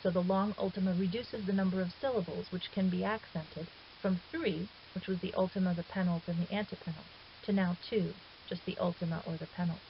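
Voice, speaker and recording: Low-voiced woman teaching, lo-fi hiss. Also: steady tone, brisk. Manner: patient and explanatory, correcting herself in passing. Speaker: Greek teacher. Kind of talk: recorded lesson narration. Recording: dull hissy lo-fi 2009 recording.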